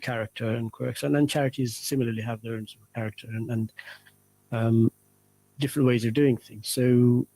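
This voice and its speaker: A man speaking as a charity guest on a radio interview, talking in a measured, earnest way and slowing down to stress his points. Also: medium pitch, fairly even intonation, mellow, poor audio.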